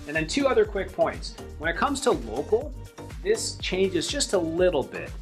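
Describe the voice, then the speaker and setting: A man walks through a step-by-step tutorial in a relaxed, conversational way. His voice sits at an ordinary middle pitch, and he leans on repetition to stress his points. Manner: conversational, repeats "really, really important"; upbeat sign-off at the end. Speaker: SEO educator. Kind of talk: tutorial video.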